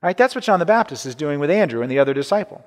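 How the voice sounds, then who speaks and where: A man's voice: a little high, sing-song, racing, big-room sound. A man preaching a sermon in a conversational way, often repeating words and checking in with "right?". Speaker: pastor.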